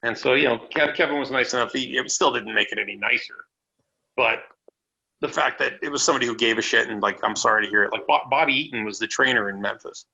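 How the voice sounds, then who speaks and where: A man's voice: fast, creaky, highs cut off. A man guesting on a podcast, telling road stories casually from home over a call. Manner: relaxed storyteller who puts on a silly high voice. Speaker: interview guest. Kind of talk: casual storytelling.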